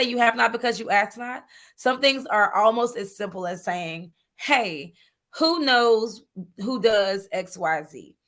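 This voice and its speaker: A woman guest in an interview, telling her business story in a lively, chatty way, calling people "honey" and using many fillers. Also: a little high. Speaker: guest entrepreneur. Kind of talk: animated interview talk.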